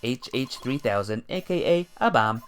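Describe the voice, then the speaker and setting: A man voicing a stiff, robotic male bomb expert from a courtroom game, in a clipped, halting monotone. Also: medium pitch, slight background noise, voice pushed down, lightly acted.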